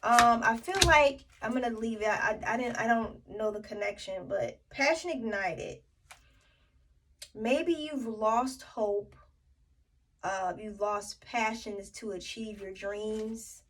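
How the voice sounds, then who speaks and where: A woman's voice: fairly high pitch, takes it slowly, fairly bright tone, far from the mic, a little hiss or hum, low-quality recording. A woman giving a tarot reading to her viewers, thinking aloud with many fillers and restarts. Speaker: tarot reader.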